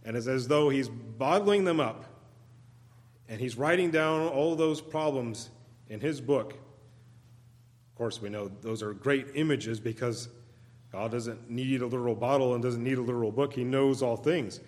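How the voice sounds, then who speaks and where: A man preaching a sermon as a guest preacher, in an earnest manner that swells into loud pleading when he voices the psalmists' cries, with occasional restarts. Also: medium pitch, measured pace, big-room sound. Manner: occasional restarts and repeated words. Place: church sanctuary.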